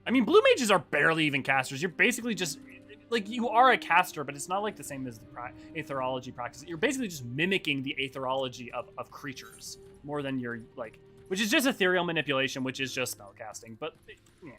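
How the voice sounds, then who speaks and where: A man streaming a game and chatting casually about its lore, animated and self-deprecating, quick to react to his viewers. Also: a little high, soft background music. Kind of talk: casual live-stream commentary.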